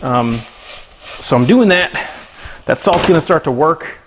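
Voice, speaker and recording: A man's voice: a little high, expressive, measured pace, husky. A man hosting a casual cooking livestream in his home kitchen, chatting goofily with viewers and his pets as he cooks. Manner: goofy, talks to chat and his pets while cooking. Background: food sizzling in a pan.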